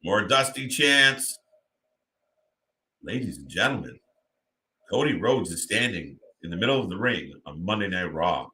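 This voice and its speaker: A man's voice: deep voice, sing-song, unhurried, pauses often, sharp tone, slight background noise. A man hosting a live watch party, chatting casually and talking to viewers by name as he reacts.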